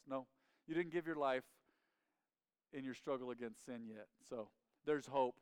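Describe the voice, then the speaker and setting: Male pastor with a smooth, resonant, slightly high voice, recorded close and dry; fervent call-and-response preaching to a congregation. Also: moderate pace, long pauses, no echo. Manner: emphatic call-and-response preaching, leading the congregation in repeating phrases. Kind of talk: sermon. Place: church sanctuary.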